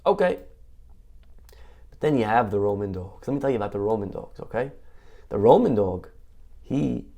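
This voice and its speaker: A man giving a Torah lecture as a rabbi, an animated storyteller who asks rhetorical questions and acts out the quotes he tells. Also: lowish voice, moderate pace, vocal fry, pauses often.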